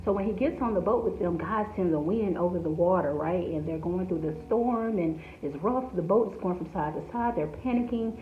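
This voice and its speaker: A woman's voice: on the low side, normal speed, hardly any pauses, a little hiss or hum. A woman giving an informal devotional message in a conversational way, with frequent asides to the listener. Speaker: devotional speaker. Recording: echoey, tinny phone-like sound.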